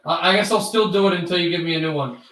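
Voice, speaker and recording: A man doing mock hockey play-by-play on a live stream, calling fast with bursts of shouting and imitating broadcasters. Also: sits high, distant mic. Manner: excitable, rapid calls with bursts of shouting. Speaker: livestream host doing play-by-play. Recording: echoey room, off-mic.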